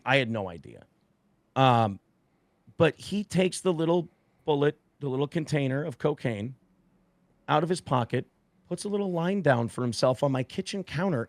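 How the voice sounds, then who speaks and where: A man's voice: medium pitch, creaky, no echo. A man as a podcast guest, telling a story casually with heavy swearing and acting out what people said. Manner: heavy swearing, acts out quotes with shifting voices.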